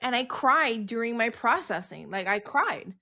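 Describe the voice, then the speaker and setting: Candid woman telling a story, slightly high voice. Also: very animated, normal speed, sharp tone. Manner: candid storytelling, acting out quoted family dialogue. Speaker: podcast co-host. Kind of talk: casual chat.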